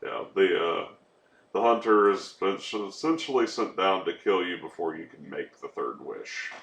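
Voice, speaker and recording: A man's voice: low voice, expressive, unhurried, gravelly, a bit bright. A man co-hosting a podcast, explaining film details in a hesitant way with frequent ums. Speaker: podcast co-host. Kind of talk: casual chat. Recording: roomy room with faint noise.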